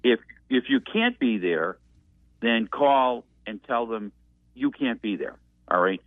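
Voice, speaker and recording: A man's voice: medium pitch, big pitch swings, takes it slowly, no room sound. Older New man on a phone line. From Massachusetts. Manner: rambling, reflective storytelling. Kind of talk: casual reminiscing. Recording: tinny dry phone line.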